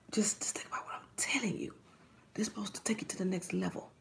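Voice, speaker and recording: A woman's voice: medium pitch, fairly even intonation, quick pace, creaky. A woman giving a spiritual reading straight to the listener, preachy and often dropping into a whisper. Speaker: psychic reader.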